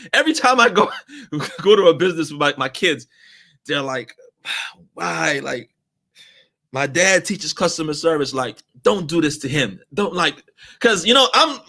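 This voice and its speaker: A man's voice: on the high side, pushed and bright. A middle-aged man who teaches customer service, telling a story in an exasperated, emphatic way with laughter. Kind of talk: animated storytelling lesson.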